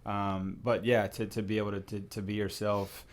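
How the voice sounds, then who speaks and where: A man's voice: lowish voice, level tone, normal speed. A man co-hosting a podcast in casual chat, agreeable and reflective, often restarting phrases and saying "right, right.". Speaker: podcast co-host.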